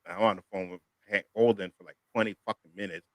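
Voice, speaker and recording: A man's voice: on the low side, quick pace, no room sound. A man hosting a casual panel talk show, telling a long story in a profane, worked-up way. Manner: profane, animated storytelling rant. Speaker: show host.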